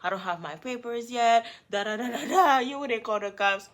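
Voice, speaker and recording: A woman's voice: a little high, animated, normal speed, voice pushed up, natural voice. A woman voicing a defensive man who pleads and dodges blame in an insistent way. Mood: pleading. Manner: insistent, talks over, pleading.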